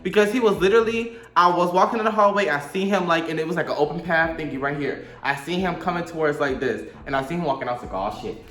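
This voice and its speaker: A man's voice: a little high, quick pace, hardly any pauses, a bit bright, echoey room. A young man, telling a profane, dramatic storytime monologue to camera and acting out his own quotes. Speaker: storytime vlogger.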